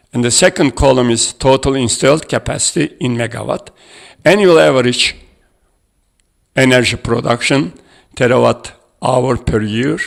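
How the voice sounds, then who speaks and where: A man giving an academic conference presentation, halting and hesitant as he reads out figures from his slides. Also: medium pitch, gravelly. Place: conference room.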